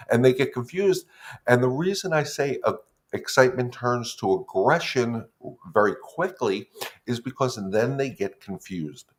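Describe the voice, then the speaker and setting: A man's voice: medium pitch, expressive, unhurried. A middle-aged man, a dog trainer, talking casually on a live stream, greeting viewers by name as he explains things. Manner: chatty, loose, greets viewers by name mid-thought.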